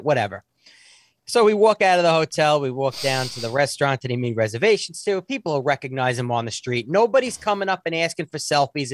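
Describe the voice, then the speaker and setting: A man in his forties telling a story in casual talk, animated and often restarting his sentences. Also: mid-range voice, dry recording, clean studio sound. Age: 40s.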